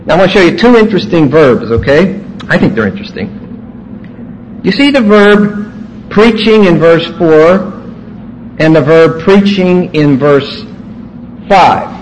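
Emphatic high-voiced male Bible teacher. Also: lively intonation, a little slow, a little hiss or hum, poor audio. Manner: emphatic, stresses words, refers students to notes. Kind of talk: classroom Bible lecture.

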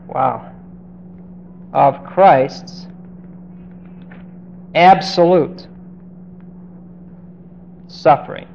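A male preacher working through a scripture passage, his voice pitched a little high as he presses hard on certain words and slows right down to let them land. He turns to the congregation with pointed questions. The recording is dull and muffled, with a faint hiss underneath. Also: gravelly, darkish tone. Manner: emphatic, stretches key words and asks the listeners direct questions. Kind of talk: expository sermon on a Bible passage.

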